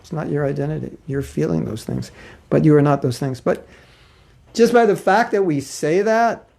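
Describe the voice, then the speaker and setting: Gravelly man teaching a spiritual class. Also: on the high side, normal speed, mellow. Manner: informal, chuckling, acts out quoted voices.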